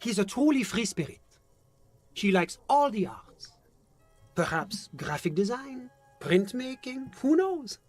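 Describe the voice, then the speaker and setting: A man voicing a polished, evasive male diplomat in a video game, speaking politely and smoothly while dodging questions. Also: very high voice, sing-song, slow, no echo, faint music behind, heavily acted. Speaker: foreign diplomat questioned by a detective.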